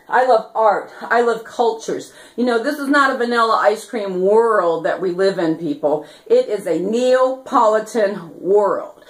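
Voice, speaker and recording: A woman's voice: medium pitch, echoey room, rough recording. A woman activist giving a fired-up, rambling vlog monologue, full of rhyming catchphrases and giggling asides. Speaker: activist vlogger.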